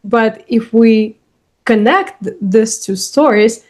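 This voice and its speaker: A woman's voice: on the high side, sing-song, takes it slowly, darkish tone. A woman podcast host responding to her guest with effusive appreciation. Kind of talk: interview conversation.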